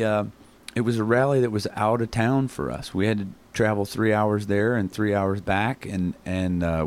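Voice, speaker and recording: Host, male, very low voice, earnest rambling talker with lots of restarts. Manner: rambling, self-correcting, earnest. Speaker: show host. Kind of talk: casual talk show chat. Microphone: headphones and studio mic.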